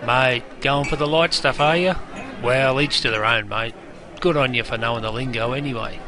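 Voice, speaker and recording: A man's voice: medium pitch, moderate pace, crowd noise, natural voice. An Australian-accented man playing a brash, chummy pub barman who talks in slangy, matey banter. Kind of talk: scripted character narration.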